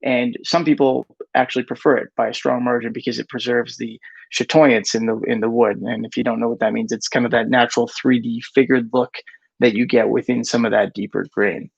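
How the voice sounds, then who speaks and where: A man's voice: mid-range voice, level tone, brisk, gravelly, husky, no echo, muffled recording. A man hosting a casual live Q&A, reading viewer questions aloud and often correcting himself as he answers. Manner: reads chat questions aloud, self-corrects with "rather".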